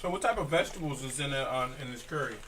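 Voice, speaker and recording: A man hosting a radio interview, asking questions haltingly with many fillers, in a radio studio. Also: medium pitch, animated, fairly bright tone, a little hiss or hum. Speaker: radio show host. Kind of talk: casual on-air interview.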